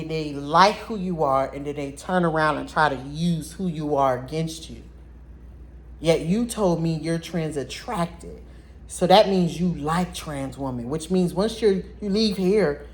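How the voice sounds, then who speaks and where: Speaking directly to viewers in a casual vlog, a woman tells a personal story in an animated, blunt way. Her voice is deep.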